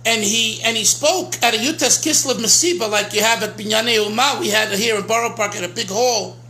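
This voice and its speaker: A man's voice: high voice, brisk, bright, forceful tone, low-quality recording. A man, a rabbi giving an informal Torah lecture, earnest and emphatic, often restarting his phrases and mixing in Hebrew and Yiddish terms. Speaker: rabbi teaching a class.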